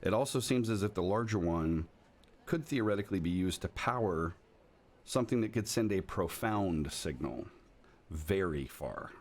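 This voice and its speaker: Deep-voiced man running a tabletop game. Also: lively intonation, normal speed, a little mellow. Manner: rambling, jokey, many fillers and restarts. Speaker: game master.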